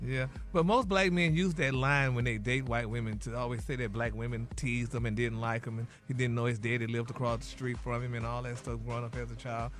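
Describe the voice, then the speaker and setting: A man's voice: mid-range voice, steady tone, fairly quick, hardly any pauses, fairly bright tone, soft background music. A man reporting celebrity news on a morning radio show, chatty and calling listeners y'all and honey.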